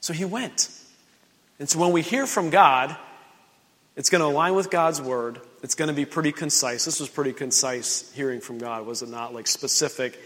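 A man pastor preaching at a midweek prayer service, retelling a Bible story in lively fashion and acting out its dialogue. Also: a little high, normal speed, big-room sound.

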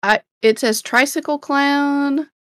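A woman co-hosting a casual movie podcast, adding short measured comments. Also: high-pitched, fairly bright tone, dry recording, clean studio sound. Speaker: podcast co-host.

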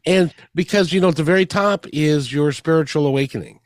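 A man's voice: on the high side, fairly quick, dry recording, studio quality. Earnest male interview host. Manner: earnest, repeats words when starting. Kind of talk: casual interview chat.

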